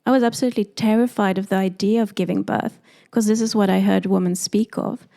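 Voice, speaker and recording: A woman with a South African accent, a doula telling her story in a podcast interview, animated and quoting people in lively voices. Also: mid-range voice, brisk, creaky. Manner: animated, acts out quoted voices.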